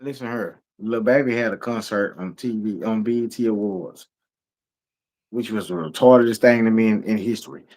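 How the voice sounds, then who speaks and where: A man's voice: on the low side, normal speed, gravelly, darkish tone. Emphatic, profane man ranting. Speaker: podcast co-host. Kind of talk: heated casual discussion.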